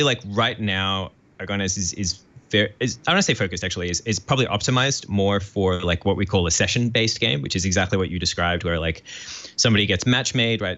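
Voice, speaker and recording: An Australian man, a podcast guest, explaining software eagerly with lots of fillers. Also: low voice, muffled recording. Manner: enthusiastic, many fillers, quotes imagined requests.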